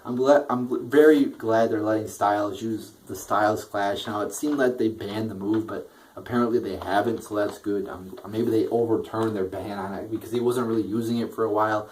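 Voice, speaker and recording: A man's voice: lowish voice, fairly even intonation, brisk, darkish tone, slight background noise. A young man giving a casual, profane rant reviewing a wrestling show, often restarting his sentences and getting worked up. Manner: profane, frustrated ranting with frequent restarts.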